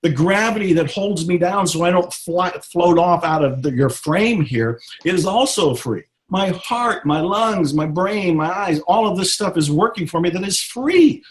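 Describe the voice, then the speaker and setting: Earnest, fairly high-voiced middle-aged man. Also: animated. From Texas. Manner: earnest, reflective, slows to emphasize points. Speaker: guest author. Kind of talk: interview, motivational talk.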